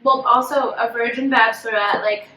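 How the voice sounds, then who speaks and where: Bright, high-voiced woman podcast co-host. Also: moderate pace, roomy sound, recorded from a distance, rough recording. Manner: animated, acts out quotes with lots of "like". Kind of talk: casual chat.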